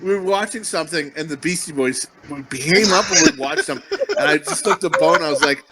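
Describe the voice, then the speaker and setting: Excitable, giggly man with a high voice. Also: brisk, crowd noise. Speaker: podcast co-host. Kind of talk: crude casual banter.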